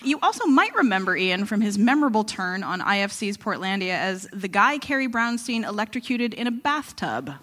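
A woman's voice: medium pitch, very animated, a little fast, few pauses, a bit bright. A woman hosting a live radio show, giving an upbeat, scripted introduction of a comedian.

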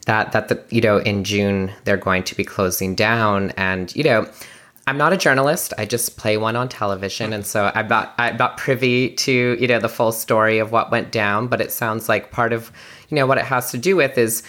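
A woman co-hosting a podcast as its historian, husky and hoarse from laryngitis after the flu, chatty and wry. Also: extremely low pitch, fairly even intonation, moderate pace, fairly bright tone. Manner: chatty, self-deprecating, wry. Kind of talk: casual chat.

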